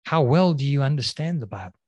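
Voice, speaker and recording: A man preaching a sermon, pressing the listeners with repeated questions and slowing down to stress key words. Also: medium pitch, animated, dark tone, no room sound, dull audio. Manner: questioning, emphatic, slows and drops on key words.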